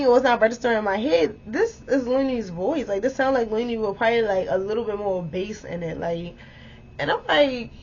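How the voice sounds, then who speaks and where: A woman in her twenties telling a story in a casual vlog, animated and exclamatory, swearing freely and talking straight to her viewers. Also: on the high side, a little hiss or hum. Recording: dull lo-fi audio.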